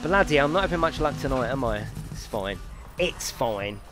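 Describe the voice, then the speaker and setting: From his home gaming setup, a man streams a racing game, his mid-range voice lively in intonation at a moderate pace. He banters and jokes with chat, swearing freely over the game music.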